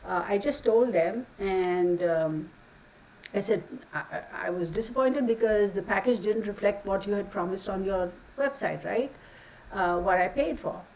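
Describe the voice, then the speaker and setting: A woman with a medium-pitched, darkish voice talks casually to her channel at a measured pace, blunt and exasperated, swearing now and then and throwing out folksy insults. The rough recording has her far from the mic, with a little hiss or hum.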